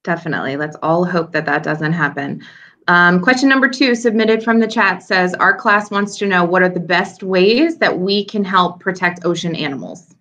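Upbeat female moderator, crisp bright tone, video-call Q&A. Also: on the low side, moderate pace. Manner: upbeat, reads questions from the chat. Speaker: moderator of a virtual classroom. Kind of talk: moderating a live Q&A.

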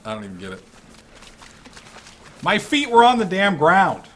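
A man giving casual commentary over his own gameplay, excitable and swearing freely. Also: high-pitched, moderate pace. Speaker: let's-play gamer.

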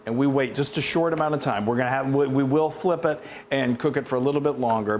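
A man's voice: medium pitch, fast, few pauses. A man co-hosting a casual cooking show, gushing with enthusiasm as he demonstrates an appliance. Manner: enthusiastic, gushing, restarts often. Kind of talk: casual product demo chat.

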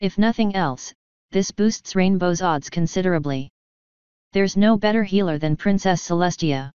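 A gentle young pony mage, calm and caring, as a woman reading the story puts her on. The voice sits low for a woman, very clean and smooth. The recording is dull and dry. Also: normal speed, no echo, lightly acted. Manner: soothing and reassuring.

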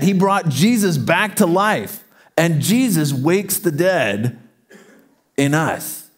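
A man preaching a sermon in a church auditorium, telling stories with lively energy and calling out to his congregation. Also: a little high. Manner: animated storytelling, calls out to the congregation. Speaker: pastor.

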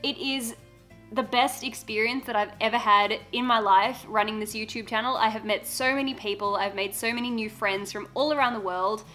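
A woman's voice: fairly high pitch, steady tone, moderate pace, sharp tone, soft background music. A young woman YouTuber talking in a casual unboxing vlog, earnest and emotional, with frequent giggles. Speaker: beauty YouTuber.

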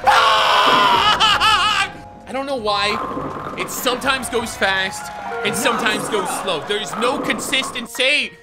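A man giving casual gaming commentary, excitable, often shouting and swearing in frustration. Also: high voice, measured pace, over loud music. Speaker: gaming YouTuber.

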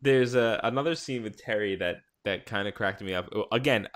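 A man's voice: lowish voice, normal speed. A man co-hosting a podcast, talking casually and laughing often while he rambles about a film. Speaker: podcast co-host. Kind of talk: casual movie discussion.

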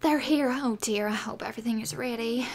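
A woman giving casual, chatty commentary while playing a horse-riding game, giggling and talking to herself, her voice a bit hoarse. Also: a little high, fairly quick, a little mellow. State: slightly hoarse. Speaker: gaming YouTuber.

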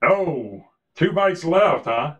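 Crowd noise surrounds this product demo presenter, whose highish, animated voice stretches out words, with the highs cut off. Captured by a ceiling beamforming array mic, he casually walks through a conference audio setup, using fillers and restarting often.

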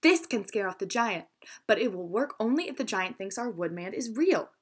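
A woman voicing a wise, determined clockmaker who calmly explains her plan in a read-aloud story. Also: mid-range voice, moderate pace, slightly rough. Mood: earnest.

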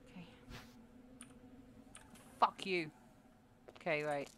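A woman's voice: deep voice, a bit bright, slight background noise. A young woman streaming a horror game, giggling often, swearing, and talking to her chat. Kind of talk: live-streamed gameplay chatter.

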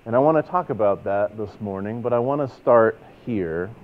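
A man with a Texan accent preaching a sermon in a relaxed, conversational way, telling stories and asking rhetorical questions. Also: lowish voice, normal speed. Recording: tinny phone-like sound.

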